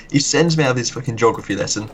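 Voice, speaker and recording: A man's voice: medium pitch, fast talker, slight background noise. A young man chatting casually, swearing and laughing at his own school stories. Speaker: streamer. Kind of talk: casual chat.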